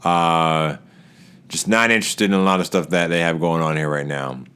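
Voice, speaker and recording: A man giving a casual wrestling show recap, animated, often laughing and acting out wrestlers' lines in raised voices. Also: sits low, moderate pace, clean tone.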